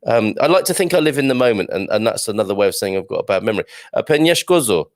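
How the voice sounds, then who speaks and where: A man's voice: lowish voice, lively intonation, fast, no room sound, studio quality. A man hosting a casual live stream from home, chatting and reading out viewer greetings in a self-deprecating way. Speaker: livestream host. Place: home with builders working on the roof.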